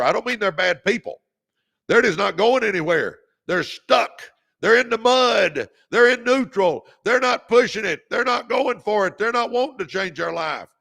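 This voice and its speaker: A man past forty hosts a motivational livestream in a high, gravelly voice with lively intonation and normal speed. His delivery is fervent and preacher-like; he calls viewers "baby" and shouts encouragement.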